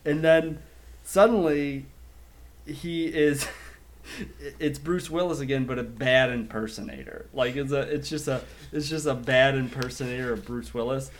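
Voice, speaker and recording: A man's voice: mid-range voice, measured pace. A man chatting casually on a podcast, laughing often and mimicking voices as he talks. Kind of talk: casual chat.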